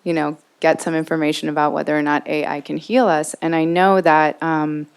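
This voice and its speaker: A woman's voice: low voice, level tone, a little fast, gravelly, clean tone. A woman in the audience, earnestly and hesitantly putting a question to a panel in a university lecture theater. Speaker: audience member asking a question.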